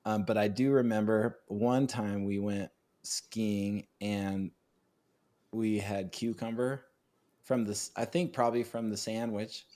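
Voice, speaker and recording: A man hosting a podcast, chatting in a relaxed, friendly way and telling stories to his guest. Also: fairly low pitch, measured pace. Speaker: host. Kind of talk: casual chat.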